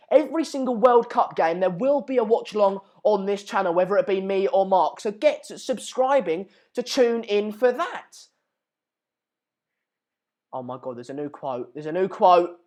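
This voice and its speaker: A young man with a high-pitched voice hosts a football channel, reacting live to transfer news. He gets excitable, ranting and mocking as he goes.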